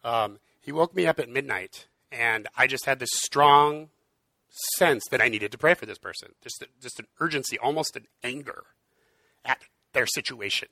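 A man's voice: mid-range voice, moderate pace, gravelly, pushed and bright, no echo. A man preaching in an earnest, conversational way, with frequent fillers. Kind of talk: casual sermon.

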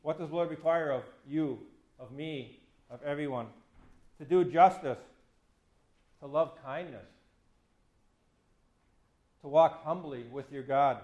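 A man's voice: on the high side, unhurried, pauses often, darkish tone, roomy sound. A man in his fifties, a pastor giving a conversational sermon that acts out quoted speech with a self-deprecating touch. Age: 50s. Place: church.

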